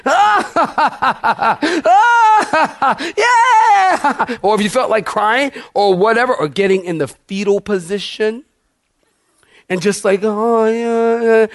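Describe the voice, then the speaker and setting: A man in his fifties, a pastor telling a funny story in a sermon, folksy and laughing often. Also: sits high.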